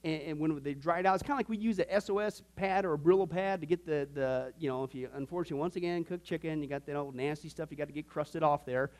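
A man's voice: a little high, quick pace, few pauses, darkish tone. A man teaching an informal Bible class, folksy and joking, often slipping into quoted voices.

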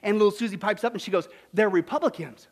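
A man with a very high voice preaches a sermon and tells jokes along the way. He is animated and moves from loud bursts to hushed, quiet lines. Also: very fast. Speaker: pastor.

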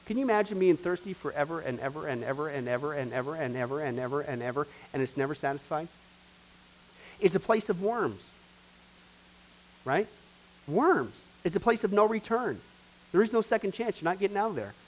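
A man's voice: a little high, expressive, fairly quick, low-quality recording. A man teaching a church discipleship class in an emphatic preaching style, repeating phrases and talking straight to the group. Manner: emphatic, repetitive, addresses the class directly.

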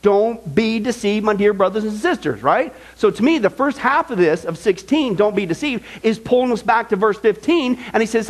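A man's voice: high voice, moderate pace, hardly any pauses. A man teaching a Bible study in an emphatic, conversational way, often checking in with "okay?" and "right?". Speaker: pastor.

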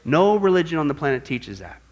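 Emphatic high-voiced male pastor teaching. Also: brisk, dull audio. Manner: emphatic, animated, asks audience rhetorical questions. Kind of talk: classroom-style sermon lesson.

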